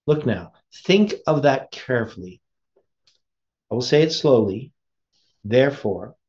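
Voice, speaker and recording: A man's voice: mid-range voice, darkish tone, dull audio. A man preaching, reading a sermon aloud with his own commentary and asking the listeners rhetorical questions.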